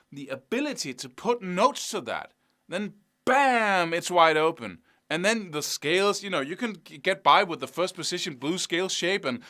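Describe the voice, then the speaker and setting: Enthusiastic high-voiced man teaching guitar. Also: sharp tone. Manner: enthusiastic, encouraging, fillers like "you know" and "right?". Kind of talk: online guitar lesson.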